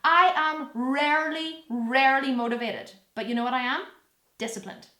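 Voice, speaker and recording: Talking at a moderate pace in a high, pushed and bright voice, a fitness vlogger in her thirties fields viewer questions directly to camera in a reverberant room. She's casual, sassy and blunt, cursing without restraint and mimicking others in playful voices.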